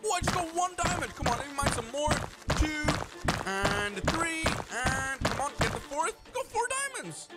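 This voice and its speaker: Hyped high-voiced young gamer guy. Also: normal speed. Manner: hyped, excitable, shouts when surprised. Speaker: gaming YouTuber. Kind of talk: let's-play commentary. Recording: loud background music.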